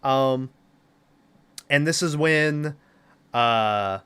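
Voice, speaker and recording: Man, podcast co-host, casual movie recap, rambling, bright tone, clear voice. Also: medium pitch, very slow. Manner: rambling, profane, laughs often.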